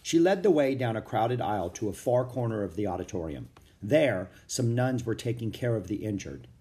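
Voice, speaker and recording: A man reading a children's chapter book aloud in steady storytelling narration. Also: lowish voice, normal speed. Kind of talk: audiobook narration.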